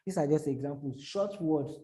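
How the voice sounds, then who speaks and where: A man's voice: a little high, dark tone. A man teaching how to write social media captions, repeating himself and breaking off into spoken examples. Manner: repetitive, halting, gives spoken examples. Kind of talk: explaining to a small audience.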